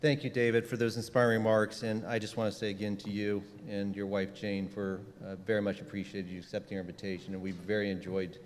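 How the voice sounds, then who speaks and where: A man presiding over a graduation ceremony, thanking the speaker and introducing officials in a polite, slightly halting way. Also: on the low side, flat delivery, a little hiss or hum. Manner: polite, a little halting, with fillers. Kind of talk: ceremony hosting. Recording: long hall reverb.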